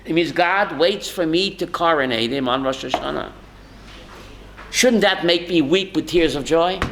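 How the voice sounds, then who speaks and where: A man's voice: high voice, bright, forceful tone, a little hiss or hum, rough recording. A man, a rabbi, teaching a Torah class to students, calling on them by name and quoting Hebrew sources.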